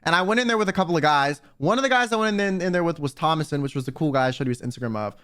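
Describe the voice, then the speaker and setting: Young American guy, high light voice, chatty and rambling, lots of "like". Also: very fast, clear, resonant tone. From United States. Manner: rambling, filler-heavy, animated quoting. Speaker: streamer telling a story. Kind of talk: casual storytelling.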